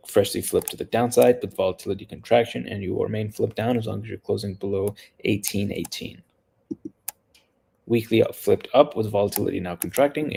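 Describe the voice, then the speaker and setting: Fast, gravelly male chart analyst. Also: on the low side, dark tone, a little hiss or hum. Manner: rapid, technical, with self-corrections. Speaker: market analyst.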